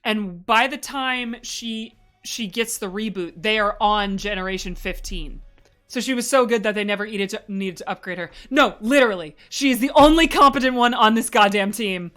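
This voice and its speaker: A woman with a higher-side, slightly bright voice presents a fan slideshow on a casual livestream. She rambles enthusiastically and fills her talk with asides.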